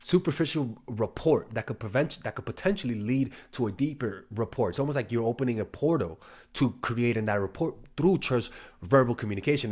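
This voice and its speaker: A young man talks straight to camera about attraction in a loose, casual way. He swears freely and often trips over his words before starting again. His voice sits at an ordinary middle pitch. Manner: profane, storytelling, frequent restarts and stumbles. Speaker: dating coach. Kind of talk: casual talking-head advice.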